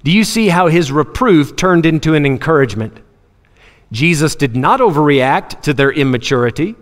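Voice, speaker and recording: Animated preacher in a reverberant hall. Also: male voice, a little high, moderate pace. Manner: animated, acts out Bible scenes in voices; laughs often. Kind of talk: sermon.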